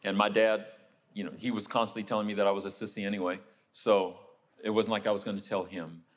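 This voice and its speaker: A man preaching a sermon, telling a story and acting out the people in it, then turning quiet and low for a personal confession. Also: level tone, quick pace. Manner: storytelling, acts out the people he quotes.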